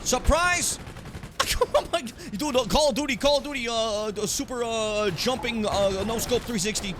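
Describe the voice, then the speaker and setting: A young man streaming a video game, reacting with loud, profane outbursts, shouted taunts and frequent laughter. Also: very high-pitched, a little fast, a little hiss or hum. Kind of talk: live gameplay commentary.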